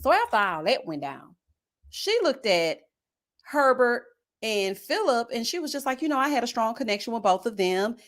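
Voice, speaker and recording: A woman's voice: fairly high pitch, normal speed. A young woman hosting a casual live recap of a reality show, talking with sass, slang and plenty of shade. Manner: sassy, animated, throws shade with slang asides. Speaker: host of a reality-show review channel.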